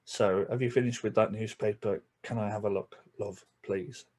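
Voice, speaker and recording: A man's voice: fairly low pitch, steady tone, moderate pace, darkish tone, a little hiss or hum. A man with a Yorkshire accent, chatting casually in a reaction video and explaining things with everyday examples. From Yorkshire, England. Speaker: vlogger.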